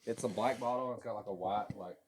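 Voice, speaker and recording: A man's voice: lowish voice, fast, husky, no echo. A man co-hosting a podcast, chatting casually and joking around with crude humor. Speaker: podcast co-host. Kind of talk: casual chat.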